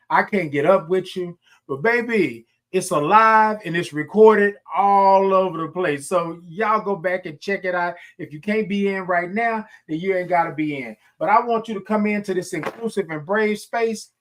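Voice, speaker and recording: High-voiced man stretching out sung greetings. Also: fairly bright tone. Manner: drawn-out sung greetings, calls viewers y'all. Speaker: livestream host. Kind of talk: upbeat morning livestream chat.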